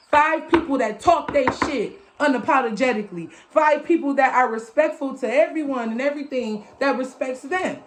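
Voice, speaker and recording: A sassy woman with a high voice gives a casual spiritual reading to her viewers. She leans hard on repeated phrases and chant-like lines, swears freely and laughs at her own slips. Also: slight background noise. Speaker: tarot reader.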